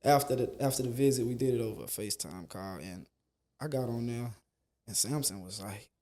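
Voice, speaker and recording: A man's voice: mid-range voice, fairly quick. A man who coaches basketball, telling stories in a casual interview and repeating phrases for emphasis. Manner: animated storyteller, repeats phrases for emphasis, slangy.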